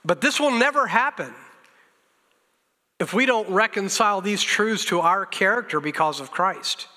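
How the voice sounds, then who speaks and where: High, bright-voiced pastor preaching. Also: male voice, lively intonation, normal speed. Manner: earnest, exhorting, repeats lines for emphasis; self-deprecating humor, chuckles at himself. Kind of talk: sermon. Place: church sanctuary. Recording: reverberant church sanctuary.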